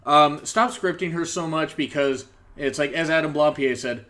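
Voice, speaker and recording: A man's voice: on the high side, normal speed, a bit bright. Man rambling through a wrestling review. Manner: rambling, joking, trails off with ums. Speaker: podcast host. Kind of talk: casual wrestling review chat.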